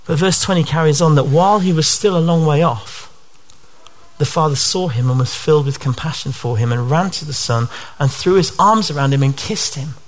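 A male preacher delivers his sermon briskly and with earnest conviction, his voice slightly above typical male pitch. He repeatedly draws listeners in with rhetorical questions.

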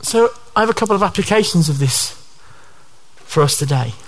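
A man's voice: high voice, lively intonation, fairly quick. A male preacher giving a sermon to his church in an earnest way, often posing rhetorical questions.

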